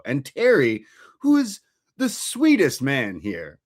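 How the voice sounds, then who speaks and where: A man in casual podcast chat, swearing freely and retelling scenes with laughter. His voice swings widely and animatedly in pitch, at a middling pitch overall. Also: wildly swooping pitch, measured pace. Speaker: podcast co-host, reviewer. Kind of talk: casual film review chat.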